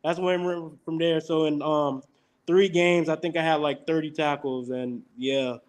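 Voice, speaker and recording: A man's voice: fairly high pitch, a little slow. A young man, a college football player, telling stories in a casual podcast interview and acting out the quotes. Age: young adult. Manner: animated storyteller who acts out quotes.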